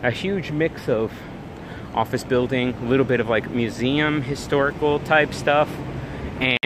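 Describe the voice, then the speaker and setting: A man's voice: medium pitch, a little slow. Rambling man on a busy street. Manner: rambling, chatty asides to viewers. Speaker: travel live streamer. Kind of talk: casual walking live stream commentary. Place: busy city street outdoors. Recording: clear city street noise behind. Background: traffic and street ambience.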